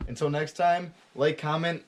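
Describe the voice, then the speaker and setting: A man's voice: on the high side, steady tone, moderate pace, background noise. A young man hosting a casual vlog, talking straight to the camera in an upbeat way and signing off to viewers. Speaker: vlog host.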